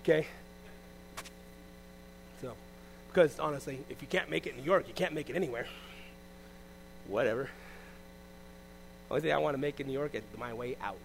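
A man preaching a sermon as pastor, animated, swinging between loud exclamations and hushed asides. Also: mid-range voice, normal speed, vocal fry, long pauses, a little hiss or hum, poor audio.

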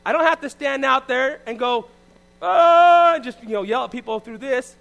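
A man preaching a sermon as pastor, animated, swinging between loud exclamations and hushed asides. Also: extremely high pitch, a little fast, gravelly, dull audio.

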